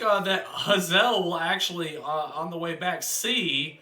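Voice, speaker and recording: A man's voice: high voice, measured pace, bright, forceful tone. A man narrating as dungeon master in a loose, laughing, casual way. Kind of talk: narrating a tabletop game. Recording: roomy mic with faint noise.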